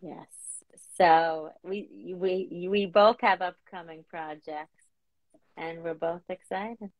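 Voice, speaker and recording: A woman hosting a talk show interview on a video call, lively and chatty with plenty of fillers. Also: on the low side, slow pace, no room sound, lo-fi sound. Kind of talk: casual interview chat.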